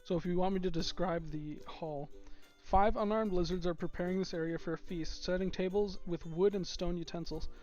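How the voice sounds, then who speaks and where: High-voiced game master narrating. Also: male voice, fairly even intonation, a little fast, darkish tone. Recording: dull lo-fi recording, faint music.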